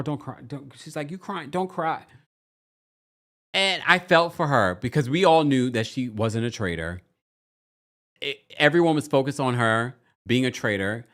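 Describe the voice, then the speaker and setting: A man hosting a podcast, recapping reality shows in a casual, gossipy chat, acting out what people said with big swings in his voice. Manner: animated, gossipy, acts out quotes with big pitch swings. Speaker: podcast host.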